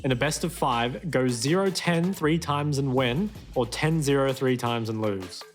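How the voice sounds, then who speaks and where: A man's voice: medium pitch, a little slow. Guy co-hosting an esports show, teasing jokey banter, faint music under it. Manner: teasing, joking. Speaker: co-host. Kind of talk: casual esports chat.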